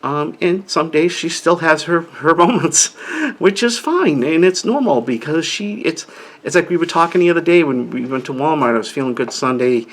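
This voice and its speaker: A man's voice: on the high side, animated, normal speed. A middle-aged man talking casually about living with an inner-ear condition, rambling and restarting his sentences often. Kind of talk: casual personal talk to camera.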